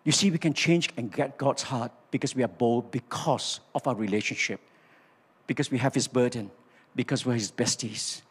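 Preaching in a large church auditorium, an older Malaysian English-accented pastor speaks at normal speed in a mid-range, slightly rough voice. He brings his sermon to life through animated storytelling, acting out dialogue and prompting the congregation to respond, all captured with the hall's reverberation.

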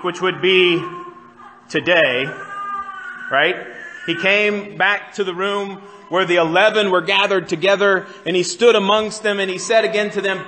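A man's voice: sits high, bright, forceful tone, slight background noise. A man pastor preaching a sermon in a church, conversational and often putting questions to the congregation. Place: church sanctuary. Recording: church hall reverb.

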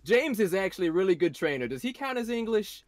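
A man's voice: high voice, big pitch swings, fast talker, no echo. A man who is a voice actor, chatting playfully as a guest over a video call. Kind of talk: casual chat.

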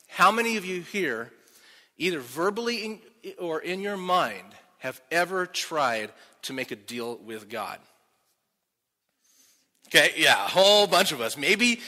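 A male pastor giving a sermon, telling stories in an animated, self-deprecating way. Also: a little high. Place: church sanctuary. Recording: reverberant church hall.

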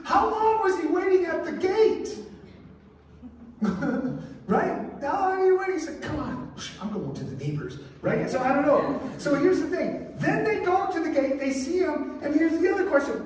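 Male pastor, storytelling sermon, acts out voices, very high voice, echoing hall, faint background noise. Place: church sanctuary. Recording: echoey church hall from far off.

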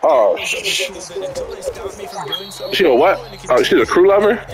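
Over headset chat, a man playing a football video game trash-talks his opponent, mocking and taunting him with casual profanity. His voice is high and slow, with big swings in pitch, and the game's crowd and commentary play behind him.

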